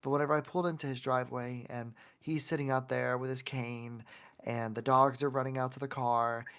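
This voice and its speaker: A man's voice: medium pitch, flat delivery, a little fast, a bit bright, smooth. A man from Oklahoma, a self-love coach and podcast guest, telling a heartfelt personal story in a rambling way with many restarts.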